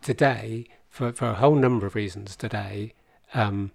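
A man's voice: on the low side, moderate pace, vocal fry, no echo. A man in his fifties, a podcast guest telling a long, rambling story with dry humour. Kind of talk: casual conversation.

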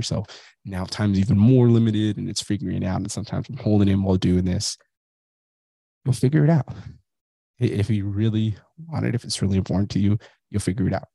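Gravelly, low-voiced man swearing bluntly. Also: mellow, no echo. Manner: blunt, profane, self-reflective. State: has a migraine. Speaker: podcast host. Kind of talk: casual motivational monologue.

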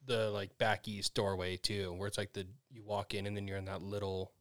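A man's voice: lowish voice, level tone, a little fast, dry recording, clean studio sound. A man chatting casually about a movie, tossing in wry jokes and asides. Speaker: podcast co-host. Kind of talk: casual movie recap chat.

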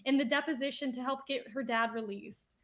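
A woman's voice: sits high, a bit bright. A woman co-hosting a podcast, chatting casually and laughing easily with friends. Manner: giggly, quick to laugh. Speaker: podcast co-host.

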